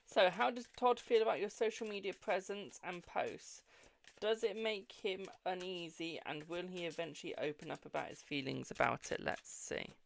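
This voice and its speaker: British tarot streamer, gravelly, talkative and cheeky, swears, calls everyone darling. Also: mid-range voice, normal speed. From United Kingdom. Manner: chatty, swears freely, calls viewers "my darling". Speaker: tarot reader hosting a live stream. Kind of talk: casual live-stream card reading.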